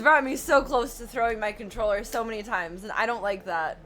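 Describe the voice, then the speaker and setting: Bright-voiced woman streamer, chatty and profane. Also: on the high side, brisk, hardly any pauses, a little hiss or hum. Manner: chatty, swears, bursts into laughing shrieks. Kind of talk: casual gameplay chat.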